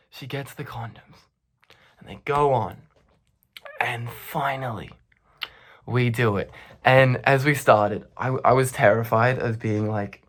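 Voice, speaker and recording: A man telling a comic storytime monologue on a vlog, laughing and swearing as he acts out the quotes. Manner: animated, laughing, profane, acts out quotes with big pitch jumps. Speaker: vlogger.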